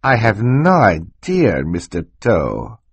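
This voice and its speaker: A man's voice: lowish voice, wildly swooping pitch, takes it slowly, breathy edge, no echo, pitched above the performer's own voice, exaggerated voice. A man reading an audiobook voices a scheming, menacing villain in disguise who speaks in an oily, mocking way. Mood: sly.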